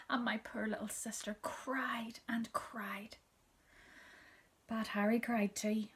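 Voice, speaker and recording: A woman reading a children's story aloud, soft and gentle, often dropping to a whisper. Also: medium pitch.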